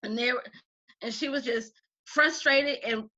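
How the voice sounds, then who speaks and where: Lively bright-voiced woman telling stories. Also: on the high side, measured pace, dull audio. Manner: animated storyteller, acts out quotes. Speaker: interview guest, craft teacher. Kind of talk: casual conversation.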